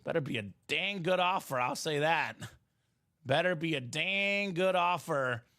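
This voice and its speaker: A young man hosting a live sports card break, hyping items and bantering with viewers in quick sales patter. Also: on the high side. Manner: energetic, shouts and jokes with viewers.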